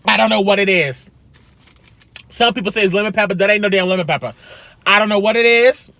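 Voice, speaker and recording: A man chatting casually while eating, a food vlogger with an animated, sassy way of talking, recorded in a parked car. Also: high-pitched, fairly quick, vocal fry, no room sound. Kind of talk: casual mukbang chat.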